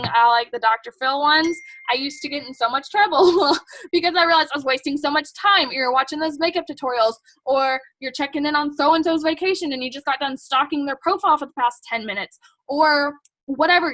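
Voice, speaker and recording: Here the same kind of speaker, a young woman team leader at a sales kick-off, talks in a high-sitting, fairly bright voice with slight background noise behind her. She's chatty and emphatic, leaning on "like" and "um," giving her team blunt, pushy encouragement.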